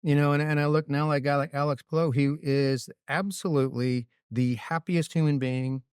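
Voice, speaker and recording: Sex: man. Role: racing crew chief, guest. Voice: smooth, mid-pitched. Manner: animated storytelling, "right?" tags. Sound: dry. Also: moderate pace, no echo. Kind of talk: casual interview storytelling.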